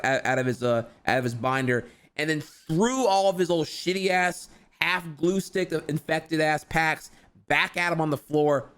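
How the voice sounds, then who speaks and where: A man's voice: a little high, a bit bright. Rambling, profane man telling a story. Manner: chatty and profane, heavy slang and repeated "dude"; rambling, with frequent restarts and filler asides. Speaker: streamer telling a personal story. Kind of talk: casual storytelling vlog.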